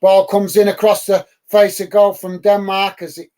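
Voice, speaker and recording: Chatty high-voiced British football host. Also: male voice, completely flat delivery, normal speed, warm tone. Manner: casual, chatty, frequent ums and uhs. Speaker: host of a football watch-along. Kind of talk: live match commentary and chat with viewers.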